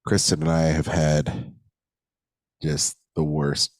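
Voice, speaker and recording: A man's voice: rumbling low, little pitch movement, slow pace, no room sound. A man co-hosting a casual podcast, enthusiastic and playful, with frequent fillers. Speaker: podcast co-host.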